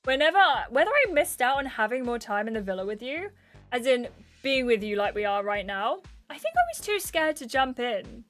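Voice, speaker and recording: A woman reading aloud the lines of a gentle, earnest young male islander in a soft, sincere way. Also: a little high, very animated, moderate pace, soft background music. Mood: tender. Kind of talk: reading game dialogue aloud.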